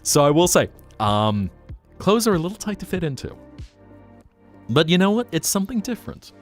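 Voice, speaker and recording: Animated, playful male streamer. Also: high voice, normal speed, faint music behind. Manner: animated and playful, swears, laughs often. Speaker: VTuber streamer. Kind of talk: casual live-stream chat.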